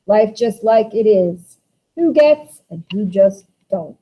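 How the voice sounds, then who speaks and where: A woman's voice: medium pitch, animated, slow pace. A woman voicing Walter, a bitter, scheming young man, in a dramatic play reading with a raised, impassioned voice, on a dull lo-fi recording.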